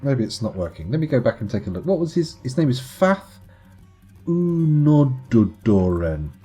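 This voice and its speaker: Husky-voiced man, playful. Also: mid-range voice, big pitch swings, quick pace, mellow, faint music behind. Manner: playful, chatty, self-mocking. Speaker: streamer. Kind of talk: live gameplay commentary.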